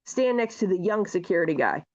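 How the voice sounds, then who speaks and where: A woman co-host telling a long story in casual chat, animated and full of swearing. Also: medium pitch, fairly quick. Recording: dull lo-fi sound.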